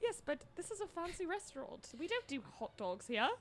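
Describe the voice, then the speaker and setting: A woman's voice: very high-pitched, sing-song, brisk. A woman putting on a polite chef at a royal palace, barely holding back laughter. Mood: prim.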